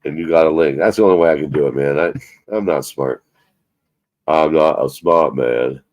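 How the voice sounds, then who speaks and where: A man's voice: rumbling low, moderate pace, a little mellow, no room sound. A man hosting a casual live stream, rambling and swearing as he chats about movies. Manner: rambling, profane, self-mocking. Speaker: livestream host.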